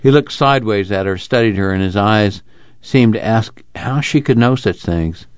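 A man narrating an audiobook with a steady, even delivery. The sound is dry and close to the mic, and the recording is dull and lo-fi. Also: on the low side, moderate pace, clean tone, no room sound. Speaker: audiobook reader. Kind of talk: scripted narration.

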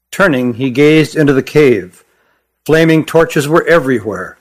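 A man's voice: fairly high pitch, animated, unhurried. Man narrating a fantasy audiobook. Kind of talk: scripted narration.

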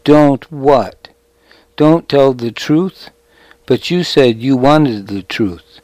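A man's voice: medium pitch, animated, very slow, darkish tone, no echo. A man voicing a bitter old soldier in an audiobook, speaking curtly and with a sneer. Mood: scornful. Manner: curt, sneering. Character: bitter old male soldier recalling the past.

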